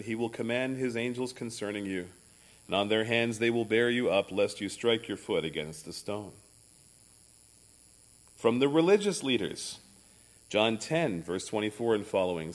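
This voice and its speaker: A male pastor preaching a sermon in a church, reading scripture passages aloud with shifting emphasis. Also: on the low side.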